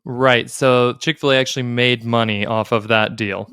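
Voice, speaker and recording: Smooth-voiced man hosting a podcast. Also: medium pitch, steady tone, normal speed, a bit bright, dry recording, clean studio sound. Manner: playful, quizzing like a game show. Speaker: podcast co-host. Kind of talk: casual conversation.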